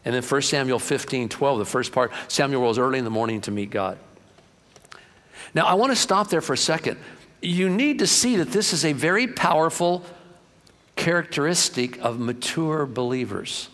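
A man preaching a sermon as pastor, telling stories in an animated way and acting out the voices of the people in them. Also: mid-range voice, normal speed. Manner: storytelling, animated, acts out voices. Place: church sanctuary. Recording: long hall reverb.

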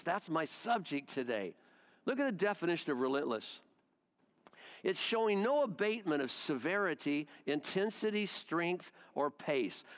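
A man preaching a sermon, emphatic, repeating key words for force. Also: high-pitched. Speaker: pastor.

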